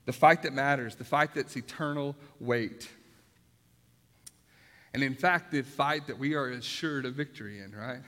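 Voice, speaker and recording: A man's voice: medium pitch, a little slow, pushed and bright. A man preaching a sermon as pastor in a church, conversational with rhetorical questions and joking asides. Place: church sanctuary. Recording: long hall reverb.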